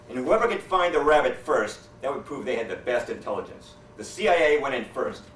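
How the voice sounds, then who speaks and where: A man doing a stand-up routine, telling jokes with deadpan setups and quoted character voices. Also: mid-range voice, a little hiss or hum. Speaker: stand-up comedian. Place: hotel meeting room. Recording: echoey hall from far off. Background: audience laughter.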